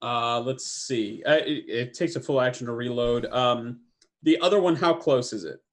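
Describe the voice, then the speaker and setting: A man with a mid-pitched, ordinary voice plays in a tabletop game. He hesitates and fills gaps with ums while working out each move. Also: normal speed. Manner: hesitant, filler-heavy. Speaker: player. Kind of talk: casual tabletop game play.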